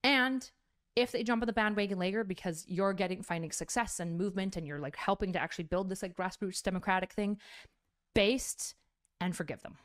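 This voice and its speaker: A woman content creator talking bluntly and profanely in a rambling casual stream. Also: mid-range voice. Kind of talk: clip of casual stream talk.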